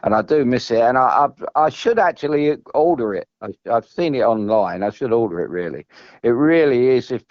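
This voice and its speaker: Speaking fairly quickly with lively intonation and a medium-pitched, darkish tone, an English ex-footballer rambles through stories as a podcast guest, often starting over and repeating himself. The recording is muffled with no echo.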